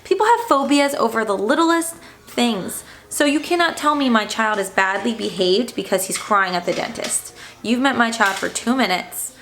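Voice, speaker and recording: Uma mãe jovem que narra num vlog casual uma ida difícil ao dentista, em tom indignado e aflito, com muitas hesitações. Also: female voice, fairly high pitch, moderate pace, a bit bright, a little hiss or hum. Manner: upset, indignant retelling with fillers. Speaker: stay-at-home mom vlogger.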